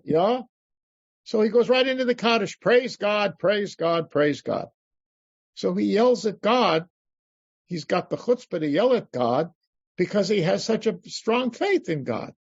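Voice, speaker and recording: An older man, a rabbi, teaching a class over a video call, animated, acting out pleas to God with many restarts. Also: high voice, vocal fry, breathy edge, no echo. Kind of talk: animated lecture. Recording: dull lo-fi video call audio.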